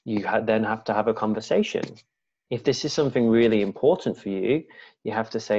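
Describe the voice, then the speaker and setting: A low, gravelly male voice that speaks slowly and softly, leaning into each phrase with deliberate calm. The sound is dull and lo-fi. He talks as a guest in a relaxed conversation. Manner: slow, deliberate, soft-spoken. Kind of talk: casual conversation.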